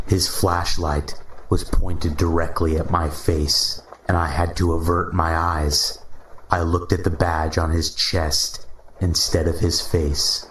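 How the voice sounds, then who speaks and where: A man narrating a first-person story in a measured, steady reading. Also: low voice. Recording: roomy echo, faint hiss.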